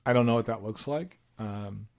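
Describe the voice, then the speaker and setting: A man's voice: lowish voice, moderate pace, darkish tone. A man co-hosting a podcast in casual chat, laughing often as he retells stories with animation. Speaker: podcast co-host.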